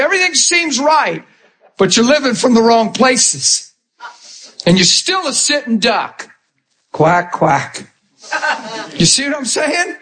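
A man with a high voice delivers a lively sermon as a pastor. He is animated and theatrical, slipping into quick impressions to make his point. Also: rough recording. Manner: animated, acts out quoted voices.

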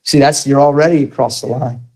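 A man's voice: medium pitch, fairly even intonation, brisk, a little mellow, rough recording. A man preaching a sermon, telling a story and asking the audience questions.

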